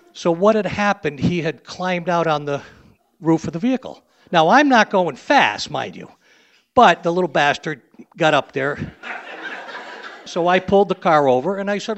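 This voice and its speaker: A man's voice: on the high side, a bit bright, highs cut off. A man in his sixties, a limousine driver, telling a salty, blunt story live on stage.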